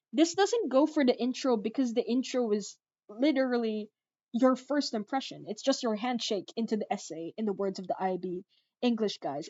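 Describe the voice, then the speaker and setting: A woman's voice: a little high, darkish tone. A young woman tutoring an exam-prep lesson on a livestream, talking in a chatty, self-deprecating way and answering chat as she goes. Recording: dull lo-fi stream audio.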